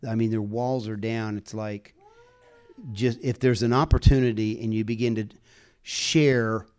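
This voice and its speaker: A man's voice: lowish voice, steady tone, unhurried, a little mellow, clean tone. A man preaching a conversational sermon, telling personal stories earnestly and building to fervent exhortation. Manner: earnest, folksy storytelling, rising to fervent exhortation.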